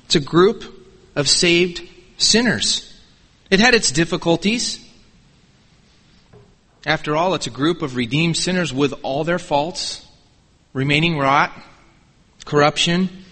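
Emphatic preacher in a big hall. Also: male voice, a little high, takes it slowly, pauses often, sharp tone. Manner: emphatic, repeating words for weight. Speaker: pastor. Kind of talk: sermon. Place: church sanctuary. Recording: long reverb in a large church hall.

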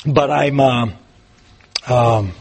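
A man's voice: mid-range voice, extremely slow, gravelly, darkish tone, breathy edge. A man teaching a Bible class in a casual, rambling way, with frequent ums and restarts.

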